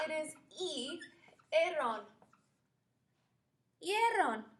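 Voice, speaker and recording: A woman's voice: sits high, bright, forceful tone. A woman teaching a Spanish grammar lesson who patiently spells words out letter by letter.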